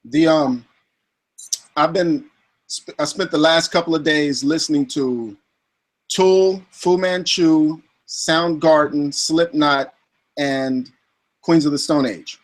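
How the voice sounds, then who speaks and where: A male interviewer with a fairly high speaking voice. He builds his questions slowly, breaking off and restarting as he searches for the words. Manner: searching, halting phrasing with ums and restarts. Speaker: interview host.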